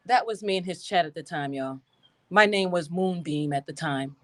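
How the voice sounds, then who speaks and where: A woman hosting a casual live stream, animated and laughing, greeting her chat by name. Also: lowish voice, moderate pace.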